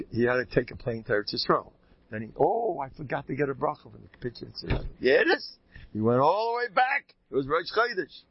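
Husky animated rabbi, lo-fi. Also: male voice, no echo. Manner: animated, jumps into high pitch for emphasis, folksy asides. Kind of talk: informal Torah talk to a live audience. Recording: dull lo-fi recording.

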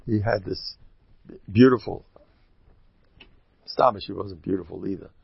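A man giving a sermon, telling stories in a rambling, animated way. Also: sits low, unhurried, creaky, husky, dry recording. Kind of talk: sermon with storytelling. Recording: dull lo-fi dry recording.

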